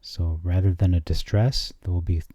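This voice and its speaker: A man with a low, very dark, mellow voice walks through scripture translations as a channel host. He reads each verse slowly and deliberately, then adds dry remarks. The sound is dull and lo-fi, with a dry, close room. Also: steady tone, no echo. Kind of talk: screen-share scripture commentary.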